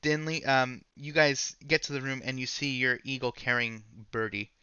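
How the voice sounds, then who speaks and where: Guy gm with a bright voice, kinda rambly, keeps rephrasing stuff, dry slightly muffled mic. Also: medium pitch, moderate pace, clean tone, no room sound. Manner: rambling, self-correcting narration. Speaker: game master. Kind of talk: narrating a tabletop game.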